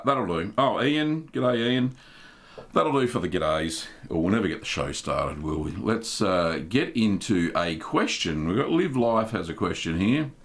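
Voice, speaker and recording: A middle-aged Australian man hosts a live stream in a relaxed, chatty way, greeting viewers by name with a cheerful "g'day, mate." His voice sits on the low side and has a gravelly, creaky edge. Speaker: host of a live cheese-making Q&A stream. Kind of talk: casual live-stream chat.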